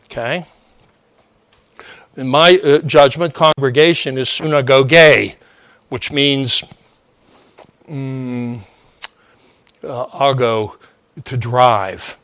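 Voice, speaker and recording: A man giving a teaching sermon at an unhurried, deliberate pace, often stopping to ask "okay?" and filling gaps with "uh". His voice sits at an ordinary pitch and sounds close and dry, with no room echo. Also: fairly even intonation, a bit bright, smooth. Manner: digressive, frequent "uh" and "okay?" checks. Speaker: preacher.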